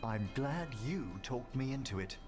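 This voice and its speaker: An actor playing an elderly, gentle necromancer who speaks in a refined, measured and courteous way. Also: male voice, medium pitch, expressive, natural voice. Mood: tender. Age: older. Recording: game audio over music. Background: game music.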